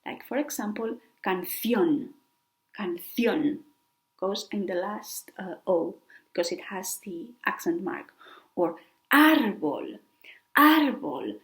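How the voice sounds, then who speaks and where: A woman's voice: mid-range voice, a little slow, darkish tone, poor audio. A woman teaching a beginner language lesson, carefully repeating example words to show how they sound. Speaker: Spanish teacher.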